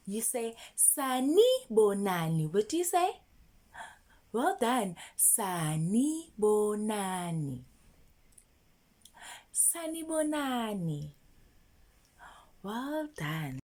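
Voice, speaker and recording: A woman's voice: medium pitch, very animated, dark tone. A woman teaching children, prompting them to repeat after her and praising them. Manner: slow, sing-song, encouraging repetition prompts. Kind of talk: children's language lesson.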